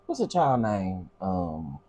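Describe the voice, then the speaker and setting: A middle-aged man hosts a casual live commentary stream, ranting in exasperation as he responds to his chat. His voice sits low and mellow, moving slowly but swinging hugely in pitch.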